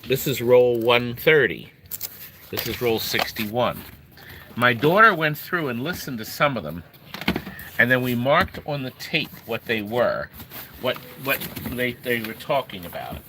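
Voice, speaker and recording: A man's voice: mid-range voice, lively intonation, measured pace. A middle-aged man hosting a casual livestream, chatting in a rambling way and greeting viewers by name. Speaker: livestream host selling arcade games. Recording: noisy room ambience.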